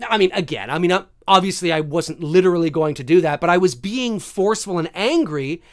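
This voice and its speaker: A man's voice: sits high, fairly quick. A man hosting a live stream, chatting casually with viewers and telling stories with plenty of swearing and acted-out moments. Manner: animated, swears freely, acts out scenes. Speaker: live-stream host answering viewer questions.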